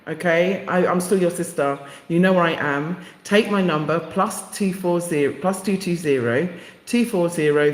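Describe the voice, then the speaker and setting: A middle-aged woman hosting a casual live stream, effusive and talking straight to her viewers by name. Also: low-pitched. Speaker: livestream host. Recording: echoey room with long reverb.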